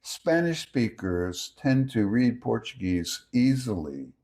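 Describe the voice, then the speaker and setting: Male narrator, slow measured teaching read, mid pitch. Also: very animated, darkish tone. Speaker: language teacher. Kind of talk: scripted explanatory narration.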